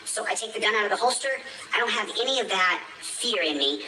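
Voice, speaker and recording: A man's voice: sits high, animated, fast, bright, forceful tone. A man telling a rambling story in an emphatic manner, repeating himself, heard from a played stream clip. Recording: echoey, distant, faint hiss.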